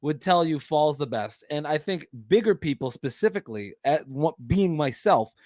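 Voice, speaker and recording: A man's voice: on the high side, expressive, normal speed, darkish tone, no room sound. A man co-hosting a podcast, joking and cursing in casual banter. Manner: joking, profane interjections. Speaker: podcast co-host.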